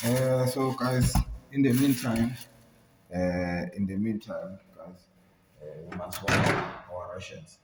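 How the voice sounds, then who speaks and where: Man, low and unhurried; playful cooking-vlog host who chants repeated words; clear background noise. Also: steady tone. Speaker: cooking vlogger.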